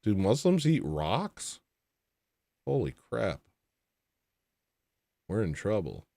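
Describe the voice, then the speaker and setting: A man's voice: on the low side, very animated, slow pace, creaky, dark tone, dry recording. A man hosting a livestream, chatting casually and making dry, sardonic asides. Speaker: livestream host. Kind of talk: casual chat reading viewer comments.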